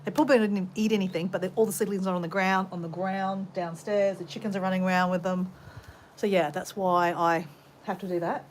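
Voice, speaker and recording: A woman's voice: on the low side, steady tone, brisk. A rambling, chatty Australian woman talks to her viewers from her home garden, greeting people as she goes. She speaks into a phone camera, with a faint hiss behind her voice. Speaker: vlogger. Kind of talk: casual chat to live viewers while gardening.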